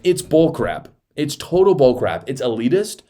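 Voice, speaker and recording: A man's voice: medium pitch, sing-song, normal speed, warm tone. Heated male political commentator. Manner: heated, emphatic, sarcastic mimicry. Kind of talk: reaction commentary.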